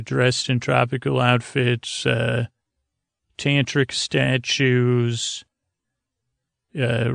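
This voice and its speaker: A man hosting a podcast, giving a halting, filler-heavy episode recap meant to lull listeners to sleep. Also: medium pitch, gravelly, dry recording. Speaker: podcast host.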